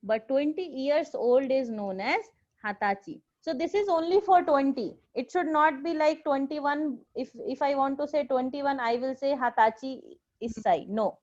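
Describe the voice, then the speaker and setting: A woman's voice: high voice, moderate pace, darkish tone. A woman with an Indian accent teaching a Japanese class, patiently drilling pronunciation and repeating each word. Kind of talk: classroom language lesson. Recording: dull lo-fi recording.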